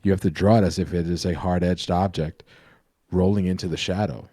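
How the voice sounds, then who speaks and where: A man's voice: deep voice, steady tone, a little fast, dark tone, no echo. A man co-hosting a live painting stream, explaining drawing in a rambling, self-correcting way. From New York. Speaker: co-host, painter and drawing teacher. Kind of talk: casual live-stream chat.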